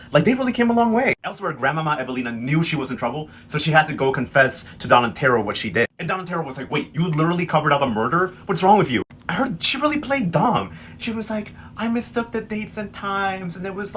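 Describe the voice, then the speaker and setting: A man giving a sassy, slang-heavy casual recap, quickly acting out characters' lines. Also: a little high, a bit bright, slight background noise. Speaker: recap host. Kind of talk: casual comedic recap narration.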